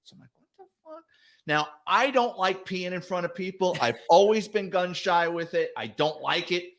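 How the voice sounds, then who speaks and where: Swearing freely and performing the voices of people he quotes, a middle-aged former police detective spins casual stories as a guest. He has a high voice and a moderate pace, and his manner is animated and profane.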